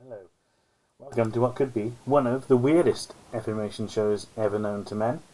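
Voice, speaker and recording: A man's voice: mid-range voice, steady tone, fairly quick, mellow, low-quality recording. A man hosting a live-stream alone, chatting casually in a rambling, self-mocking way. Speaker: host. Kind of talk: solo live-stream commentary chat.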